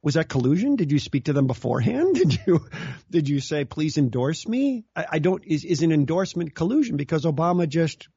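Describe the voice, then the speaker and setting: Guy cracking jokes on a talk radio show, husky kinda high voice, dry muffled audio. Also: lively intonation, fast, warm tone, no room sound. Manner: joking, laughs often, acts out quoted voices. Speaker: guest commentator. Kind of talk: casual political radio chat.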